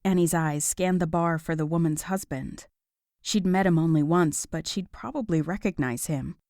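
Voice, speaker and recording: A woman narrating a romance audiobook in a measured, even storytelling voice. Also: fairly low pitch, dry recording, clean studio sound.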